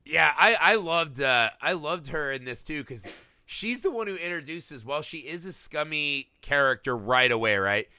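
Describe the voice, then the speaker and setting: A man's voice: a little high, normal speed, dry recording, clean studio sound. A man in a casual film discussion, talking animatedly and acting out lines from scenes. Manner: animated, acts out movie lines.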